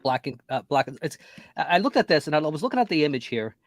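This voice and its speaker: A man's voice: on the high side, very animated, fast talker, no room sound, clean studio sound. A man guesting on a podcast, chatting casually in an easygoing, hesitant way with little laughs. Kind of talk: casual podcast chat about metal.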